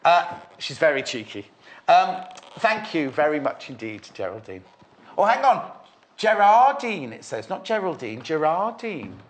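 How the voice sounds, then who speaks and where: A man's voice: a little high, very animated, a little slow. A man presenting a live shopping show, gushing over products and bantering with his guest. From Merseyside, England. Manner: gushing, repeats himself, teasing banter. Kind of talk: chatty live sales presenting.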